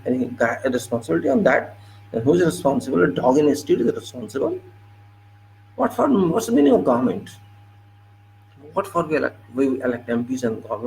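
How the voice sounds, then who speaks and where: A man's voice: mid-range voice, vocal fry, darkish tone, slight background noise, low-quality recording. A man giving an impassioned political monologue, indignant and lecturing, repeating his points over and over. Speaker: political commentator.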